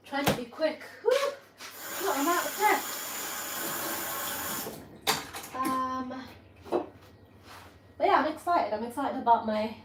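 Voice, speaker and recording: Woman vlogger, higher voice, rambling casual chat, laughs a lot; echoey kitchen with audible noise behind. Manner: rambling, chatty, laughs often, talks to herself while doing chores. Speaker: vlogger hosting a live stream. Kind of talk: casual live-stream chat. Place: home kitchen. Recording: echoey room with background noise.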